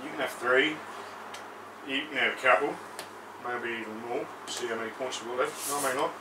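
A man's voice: mid-range voice, moderate pace. A man playing a tabletop miniatures game, joking, swearing and bantering casually with his opponent. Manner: joking, swearing, playful singing. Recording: echoey room, far mic, noisy.

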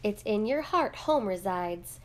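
A woman's voice: medium pitch, animated, a little slow, natural voice. A woman voicing a loving mother in a storybook, tender and soothing.

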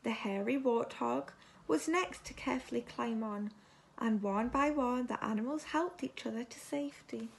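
A teacher reading a children's story aloud expressively, now and then turning to ask the children questions. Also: female voice, on the high side, moderate pace, creaky, breathy edge.

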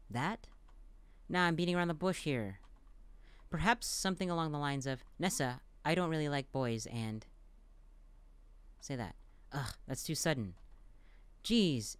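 A man playing a dialogue-heavy game, reading the lines aloud and reacting between them with quick, playful asides. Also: fairly high pitch, clean tone, dry recording. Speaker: let's play gamer.

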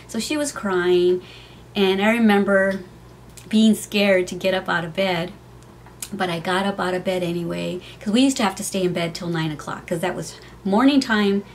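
A middle-aged woman in a casual home vlog, chatting through a family story. Her voice sits at an everyday middle pitch. Her telling is heartfelt and loose, full of ums and restarts, with a faint hum of room noise behind her. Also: fairly even intonation, moderate pace. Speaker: vlogger. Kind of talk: personal storytime.

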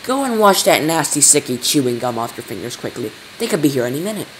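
A man's voice: on the high side, sing-song, quick pace, fairly bright tone, a little hiss or hum, rough recording. A man voicing a bossy old nanny in her eighties, scolding and reciting a sing-song rhyme in a storybook reading. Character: old bossy female nanny, vice president.

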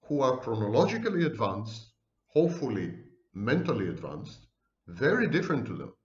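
A man who is a psychology professor, giving a lecture to camera with wry, theatrical asides and slow, deliberate emphasis. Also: mid-range voice, a little mellow, reverberant, dull audio.

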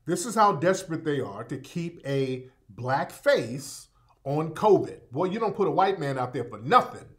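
A man's voice: fairly high pitch, big pitch swings, moderate pace, a bit bright. Man hosting a casual live broadcast. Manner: loose, repetitive, addresses listeners as family. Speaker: radio show host.

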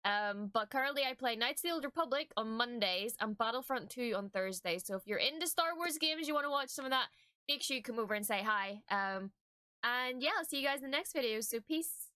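A woman's voice: on the high side, expressive, a little fast, sharp tone, clear, resonant tone, no room sound, studio quality. A young woman streamer giving chatty, emotional reaction commentary at home, with plenty of fillers.

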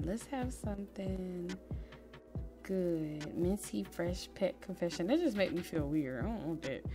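A woman hosting a casual let's-play, chatting straight to her viewers and swinging between quiet murmuring and excited squeals. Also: medium pitch. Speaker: gaming channel host.

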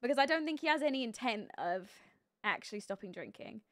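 A woman streaming a life-sim game live, chatting casually and thinking aloud, with sudden excited outbursts. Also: a little high, a little fast, no echo, clean studio sound. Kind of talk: live gameplay commentary.

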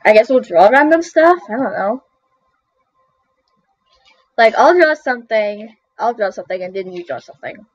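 Woman, high voice, chatty drawing commentary, self-mocking exclamations, dull lo-fi sound. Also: animated, normal speed, long pauses, slightly rough, no room sound. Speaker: drawing video host. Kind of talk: casual commentary while drawing. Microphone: computer mic via screen recorder. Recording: dull dry computer-mic recording.

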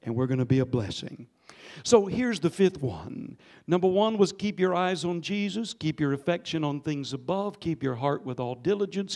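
Older pastor guy preaching, voice on the higher side, goes quiet then loud, gets the church to answer back. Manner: animated storytelling preacher, swinging between hushed and loud; calls on the congregation to respond. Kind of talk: sermon. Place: church sanctuary.

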